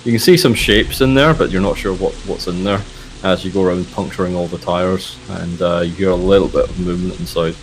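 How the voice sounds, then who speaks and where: Low-voiced man running a horror game. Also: a little fast, low-quality recording. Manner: relaxed, hesitant with frequent uhs. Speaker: game master. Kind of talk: narrating a tabletop horror game.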